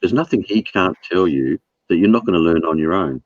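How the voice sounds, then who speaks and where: A man's voice: low-pitched, animated, fairly quick, muffled recording. A middle-aged man, co-hosting a casual chat, blunt and sprinkling in swearing. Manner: blunt, swears, says mate. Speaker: show host.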